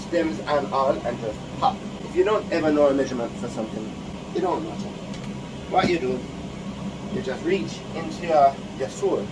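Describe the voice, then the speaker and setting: A man joking his way through a casual cooking demo in his small home kitchen, deadpan and swearing freely. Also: on the high side. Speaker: home cook hosting a cooking video. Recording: loud fan noise in a small kitchen. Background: extractor fan hum.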